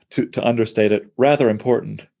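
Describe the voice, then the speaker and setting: A man's voice: fairly low pitch, moderate pace, vocal fry, mellow. A man, a poet, talking through poems in an enthusiastic, thinking-aloud conversational way. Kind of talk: conversational close reading of poetry.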